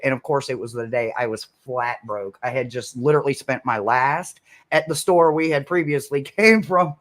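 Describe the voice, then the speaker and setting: This is a woman from the St. Louis area hosting her own psychic livestream. She chats in a loose, excitable way, laughing as she goes and letting a curse word slip. Her storytelling runs on and rambles. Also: extremely low pitch, normal speed, few pauses. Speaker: psychic reader and channel host.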